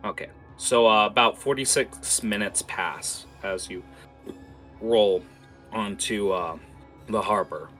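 A man's voice: fairly low pitch, slow, sharp tone, soft background music. A man narrating as game master, loose and full of fillers.

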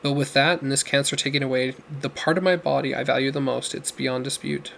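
A man's voice: medium pitch, level tone, fairly quick, creaky, a bit bright, slight background noise. A man voicing a remorseful, ailing former criminal who pleads earnestly and despairingly.

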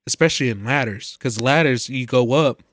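A man in casual chat, relaxed and thoughtful, musing on his own fears. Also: mid-range voice, fairly quick.

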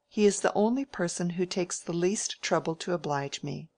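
Woman reader voicing a blunt, dry-witted young woman from a period storybook, in a low voice. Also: normal speed, darkish tone, dry recording. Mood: dry, frank. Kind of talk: audiobook character reading.

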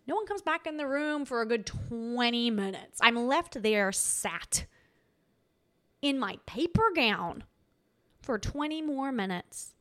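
Animated woman telling a story. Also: a little high, moderate pace. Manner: animated, dramatic retelling with quoted voices. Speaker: podcast host. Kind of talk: casual storytelling.

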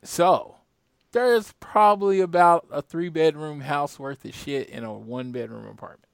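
A man's voice: a little high, moderate pace, gravelly, clear, resonant tone, dry recording, clean studio sound. Rambling male podcast host. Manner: rambling, conversational. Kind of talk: casual podcast chat.

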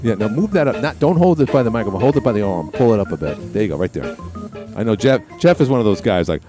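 A man's voice: lowish voice, animated, fast talker, music in the background. A man hosting a talk radio show from a studio on a headset, rambling and opinionated with many restarts.

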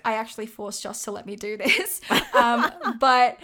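Woman co-host, slightly high voice, chatty and laughing, casual podcast talk. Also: bright, forceful tone. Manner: chatty, laughing, quick asides. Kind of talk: casual chat about figure skating.

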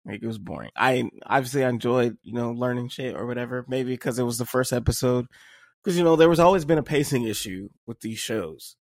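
A man co-hosting a podcast in casual chat, expressive and joking, laughing a lot. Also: medium pitch, brisk, dry recording, studio quality. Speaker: podcast co-host.

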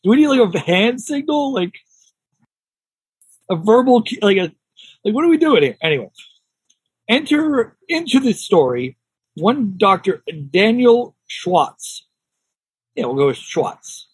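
A man's voice: high-pitched, big pitch swings, a little slow, pauses often, husky, no echo. A man co-hosting a podcast, joking and swearing freely in casual chat. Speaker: podcast co-host.

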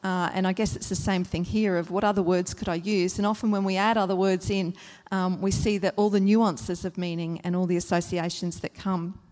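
A woman giving a gentle church teaching talk, explaining at length with frequent ums and uhs and repeating phrases for emphasis. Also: lowish voice, flat delivery, brisk, in a large hall. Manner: repeats a phrase to stress each word.

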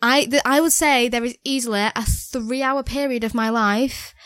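A woman's voice: a little high, fairly even intonation, normal speed, fairly bright tone, smooth, no echo, studio quality. A young woman, telling a story animatedly in a casual chat and acting out the voices of people she quotes.

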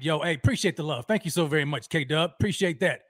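A man hosting a fan livestream, energetically shouting out viewers by name and talking about how fired up he is. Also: on the high side, animated, fairly quick, hardly any pauses, dry recording, clean studio sound. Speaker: host of a fan livestream show. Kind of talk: energetic live-stream roll call.

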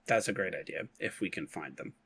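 A man's voice: low-pitched, expressive, fairly quick, fairly bright tone. A man playing in a tabletop game, talking casually with frequent hesitations and restarts. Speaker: player.

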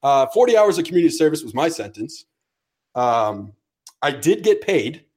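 A man's voice: fairly high pitch, moderate pace. A young man with a slightly raised voice spins a long story. He swears freely and slips into each character's lines as he goes. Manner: profane, animated storyteller acting out dialogue. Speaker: podcast co-host. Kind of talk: casual storytelling chat.

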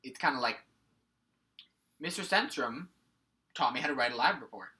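A young man co-hosting a podcast in casual chat, talking in halting restarts and swearing freely. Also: mid-range voice, expressive, sharp tone. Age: young adult. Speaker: podcast co-host.

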